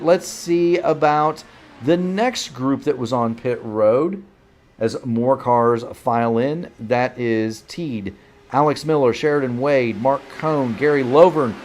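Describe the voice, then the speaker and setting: A man's voice: medium pitch, a little mellow. A man calling play-by-play for a sim racing broadcast, rambling and correcting himself as he goes, fighting off a bout of hiccups. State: has the hiccups. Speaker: play-by-play commentator.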